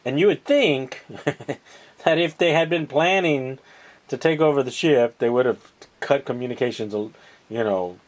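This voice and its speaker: A man recapping TV episodes in a casual, rambling way, sarcastic and mocking, halting over many fillers. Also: medium pitch. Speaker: podcast host recapping TV episodes.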